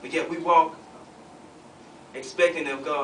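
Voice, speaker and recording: A man's voice: a little high, steady tone, normal speed, a bit bright. Man preaching in an echoey church. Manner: conversational, reads scripture with asides and audience call-and-response. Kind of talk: sermon. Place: church fellowship hall. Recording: echoey hall, distant mic, noisy.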